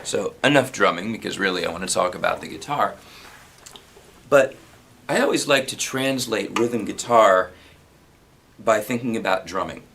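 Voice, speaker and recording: A man giving a relaxed spoken guitar lesson, explaining strumming and counting beats out loud. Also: lowish voice, normal speed, vocal fry, long pauses, a little hiss or hum, poor audio. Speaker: guitar teacher.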